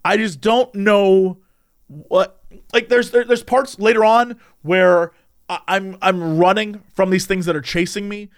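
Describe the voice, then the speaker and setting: A man in casual conversation, recounting a strange recurring dream with lively delivery and frequent laughs. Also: high-pitched, a little slow. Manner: animated, acts out quoted voices, laughs often. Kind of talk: casual storytelling chat.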